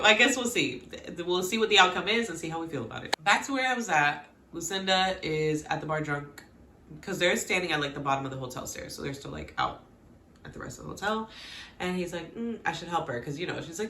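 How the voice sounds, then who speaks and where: A woman casually recapping a TV episode with lively, animated reactions, quoting the characters and laughing often. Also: lowish voice, brisk, reverberant, a little hiss or hum. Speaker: recap vlogger.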